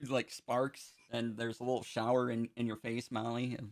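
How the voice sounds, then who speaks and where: A man narrating a tabletop game as game master, relaxed and chuckling, with loose fillers. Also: medium pitch, moderate pace.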